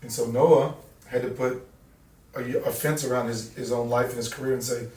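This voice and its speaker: This is a male singer and actor being interviewed, easygoing and quick with a joke in plain talk. His voice has a middle pitch. The sound is roomy, picked up from some distance. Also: fairly even intonation, darkish tone. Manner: laid-back, joking, plainspoken. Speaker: singer-songwriter and actor guest. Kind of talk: relaxed interview chat.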